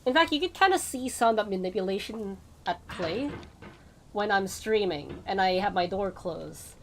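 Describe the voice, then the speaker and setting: A woman's voice: medium pitch, animated, moderate pace, slight background noise. Chatty woman streamer on tangents. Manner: rambling, tangent-prone, frequent laughs. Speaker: VTuber streamer. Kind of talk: casual gameplay stream chat.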